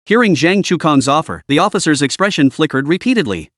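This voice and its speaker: A man reading a story aloud as narrator in an even, steady storytelling manner. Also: on the high side, fast talker, dry recording, studio quality. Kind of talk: scripted audiobook narration.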